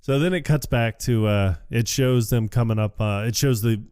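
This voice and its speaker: A man retells a comedy film scene by scene with his co-host. He laughs often and dips into quick quoted voices in an even, middle register. The sound is close and dry. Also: medium pitch, clean tone, dry recording. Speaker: podcast co-host. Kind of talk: casual movie recap chat.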